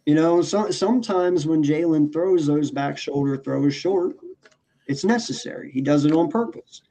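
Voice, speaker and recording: A man's voice: on the high side, normal speed, dark tone. A man talking sports casually as a podcast co-host, emphatic and profane, often restarting his sentences.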